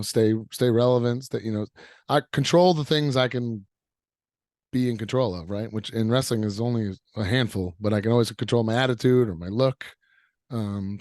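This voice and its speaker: A man's voice: mid-range voice, a little mellow, dry recording. Easygoing upbeat man, dry close sound. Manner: upbeat and easygoing, rambling with fillers. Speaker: professional wrestler guest. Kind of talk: casual interview answers.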